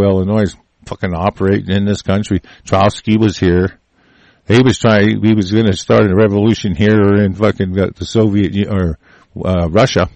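A man's voice: sits low, a little mellow, no room sound. An older man vlogging a heated, rambling political rant, full of swearing and broken-off restarts.

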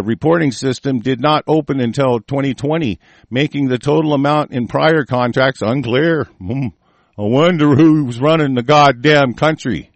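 A man's voice: medium pitch, creaky, no echo. A man reading news aloud and breaking into furious, profane political rants. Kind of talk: angry ranting commentary.

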